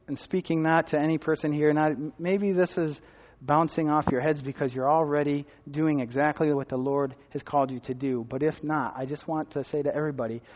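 A man's voice: on the high side, darkish tone, big-room sound. A man giving a personal testimony to a church group, telling his story with quoted dialogue and laughter, then urging listeners toward ministry. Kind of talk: testimony sermon.

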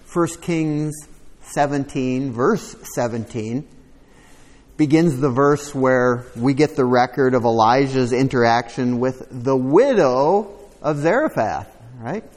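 A man's voice: mid-range voice, slow, darkish tone, in a large hall. A man preaching a sermon, reading scripture aloud with rising emphasis and adding conversational asides to the congregation. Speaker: pastor.

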